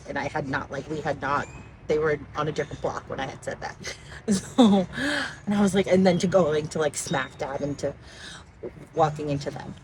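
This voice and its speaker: A woman's voice: sits low, moderate pace, darkish tone. A woman casually telling a story outdoors near water, rambling and giggling and often distracted. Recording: noisy outdoor recording.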